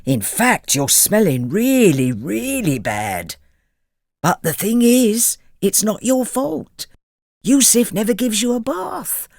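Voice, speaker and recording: A man's voice: sits high, sing-song, takes it slowly, creaky, darkish tone, no echo, studio quality, pitched above the performer's own voice, full character voice. A man voicing a kind, loyal male camel who sympathizes with his friend in a storybook. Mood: sympathetic. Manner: sympathetic, chatty.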